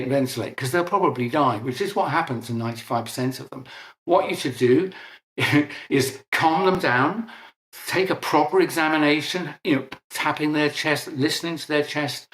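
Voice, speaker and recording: A man's voice: medium pitch, a bit bright, echoey room. A middle-aged man, an interview guest, explaining at length in a conversational, emphatic way and correcting himself as he goes.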